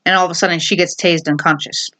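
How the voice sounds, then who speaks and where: A woman casually retelling a half-remembered TV episode, rambling with many fillers and quick acted quotes. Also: on the low side, fairly even intonation, bright, forceful tone. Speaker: video host.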